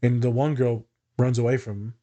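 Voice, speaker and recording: A man's voice: mid-range voice, flat delivery, a little fast, warm tone. Candid, profane man talking shop. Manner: candid, profane, dry humor. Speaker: therapist and teacher. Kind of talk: casual podcast chat.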